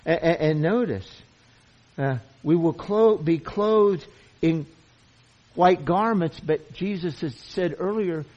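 A man's voice: on the high side, slow pace, a little mellow. A man preaching a sermon, earnest and emphatic, who often repeats himself as he presses a point. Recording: dull lo-fi sound.

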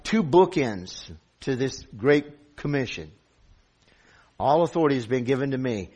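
A man's voice: mid-range voice, breathy edge. A middle-aged man preaching a sermon as pastor, earnest and building to emphatic peaks.

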